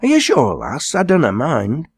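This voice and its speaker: A man's voice: on the high side, huge pitch swings, moderate pace, breathy edge, no room sound, studio quality, voice pushed up, heavily acted. A man doing a humble old farmhand. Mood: eager. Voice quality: modest, dialect speech.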